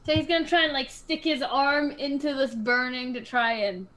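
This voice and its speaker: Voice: high voice, fairly even intonation, moderate pace, bright, forceful tone. A player in a tabletop game, musing aloud over her character's moves and laughing easily.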